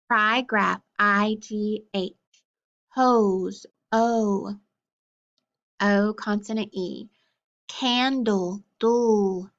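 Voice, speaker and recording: A woman's voice: medium pitch, fairly bright tone, highs cut off. A woman teaching a phonics lesson, carefully sounding out letters and words and praising often. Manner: slow, clearly enunciated letter sounds with frequent praise. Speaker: reading teacher.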